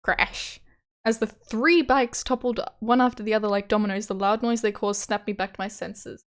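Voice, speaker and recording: A woman's voice: mid-range voice, steady tone, fairly quick. A young woman streamer reading a visual novel aloud, breaking off into chatty, swearing asides and frequent laughs.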